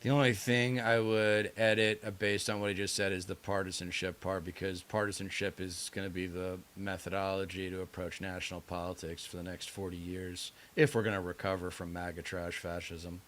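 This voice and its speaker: A man's voice: low voice, flat delivery, a little fast, few pauses, a bit bright. A man co-hosting a political podcast, making blunt, declarative points. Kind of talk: casual political podcast chat.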